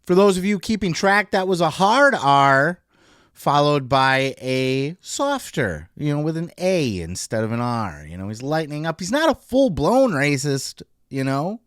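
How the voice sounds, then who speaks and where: A man gives dry, sarcastic commentary between clips as a show host. His pitch swings widely as he talks. The sound is close and dry. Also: very animated, unhurried, fairly bright tone, clear, resonant tone, no echo.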